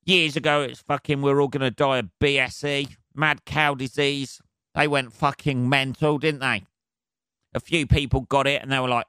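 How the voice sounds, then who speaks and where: A man's voice: mid-range voice, flat delivery, moderate pace, sharp tone, clear, resonant tone, no echo, studio quality. A man hosting his own podcast, ranting alone in a sarcastic, rambling, heavily swearing way. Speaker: podcast host. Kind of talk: solo comedic rant.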